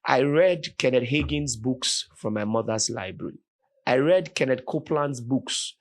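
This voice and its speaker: A Nigerian man, a podcast guest, telling a story with animated, vivid retelling and voiced quotes. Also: mid-range voice, unhurried. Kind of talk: dramatic storytelling in conversation.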